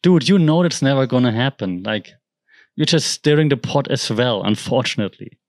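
A man's voice: mid-range voice, lively intonation, moderate pace, no room sound. A man whose first language is German, hosting a podcast and talking through the news in a rambling, conversational way with frequent restarts. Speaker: podcast host. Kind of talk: casual commentary monologue.

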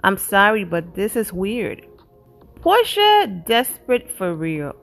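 A woman hosting a celebrity gossip channel, reading viewers' comments aloud and reacting with quick, animated asides. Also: lowish voice.

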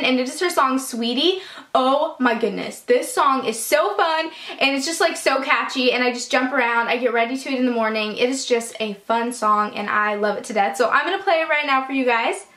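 A woman's voice: high voice, brisk, sharp tone, slight background noise. A young woman vlogging about her favorite products in a bubbly, gushing, upbeat way. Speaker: beauty vlogger. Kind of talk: casual chat to camera. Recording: echoey room.

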